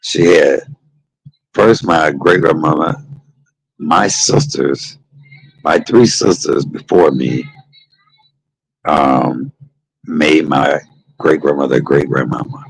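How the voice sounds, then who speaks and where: A man's voice: rumbling low, takes it slowly, creaky, pauses often, husky, no echo, poor audio. A middle-aged man hosting a livestream, telling casual stories in a chatty vernacular that drifts from one memory to the next. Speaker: livestream host. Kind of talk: casual storytelling monologue.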